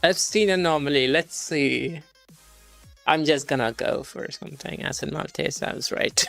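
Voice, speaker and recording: A man's voice: a little high, normal speed, vocal fry, a bit bright, soft background music. A male streamer reading practice questions aloud and working through them casually, swearing when frustrated.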